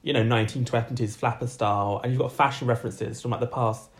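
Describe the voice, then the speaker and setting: A man's voice: medium pitch, fairly even intonation, quick pace. A man co-hosting a podcast, teasing in wry, casual chat. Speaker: podcast co-host.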